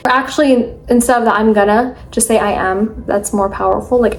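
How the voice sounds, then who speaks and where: A woman's voice: a little high, fairly even intonation. Earnest young woman, motivational vlog. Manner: earnest, emphatic, fast with many fillers. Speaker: mindset vlogger. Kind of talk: casual motivational talk to camera.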